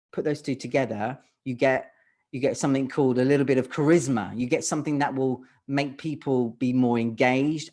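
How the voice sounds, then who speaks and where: Halting male voice coach teaching online. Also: mid-range voice, darkish tone. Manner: halting, restarts words, pauses to ask the audience. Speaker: presenting coach. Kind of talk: online workshop lecture. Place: home office on a video call. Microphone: webcam or desk mic on a video call.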